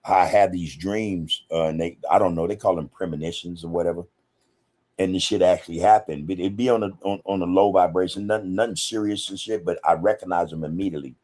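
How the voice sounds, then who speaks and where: A man's voice: low-pitched, steady tone, brisk, darkish tone. A man hosting a casual livestream podcast, talking in a loose, slangy way and greeting viewers directly, with "man" and "you know" in almost every sentence. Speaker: podcast host. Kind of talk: casual livestream chat, reading viewer comments.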